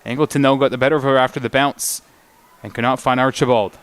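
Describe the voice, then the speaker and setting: A man's voice: medium pitch, fairly even intonation, clear, resonant tone. A man calling live women's football play-by-play, naming players as the action moves. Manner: brisk play-by-play calling names. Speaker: play-by-play commentator.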